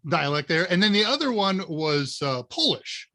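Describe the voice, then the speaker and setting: A high-pitched, very animated man speaks at a normal speed, his voice pushed and bright. He hosts a live Q&A stream and comes from Northern Ohio, USA. He tells rambling, anecdotal stories in a casual way, dropping plenty of "uh"s and other fillers as he goes.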